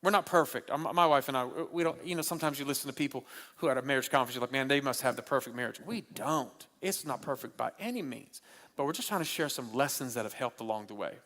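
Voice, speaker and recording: A man preaching at a marriage conference, animated and humorous, repeating his key lines for the crowd. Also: medium pitch, fast. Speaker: pastor. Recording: long hall reverb.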